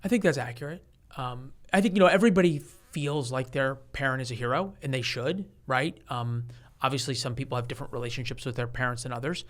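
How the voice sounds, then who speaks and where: Animated storyteller man in his forties. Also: medium pitch, fast. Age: 40s. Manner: animated storyteller who acts out quoted voices, with frequent restarts. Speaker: guest author. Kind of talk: storytelling in a conversational interview.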